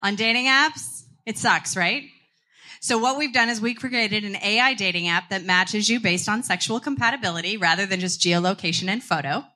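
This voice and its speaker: A woman giving a short, cheeky startup pitch that builds to a punchline. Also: normal speed, pushed and bright. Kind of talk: quick elevator pitch.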